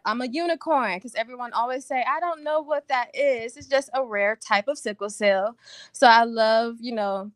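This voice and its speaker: A woman's voice: medium pitch, fairly bright tone, smooth, no room sound, studio quality. A woman in her twenties from Virginia introducing herself on a video call, nervous but chatty. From Virginia, USA. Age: 20s.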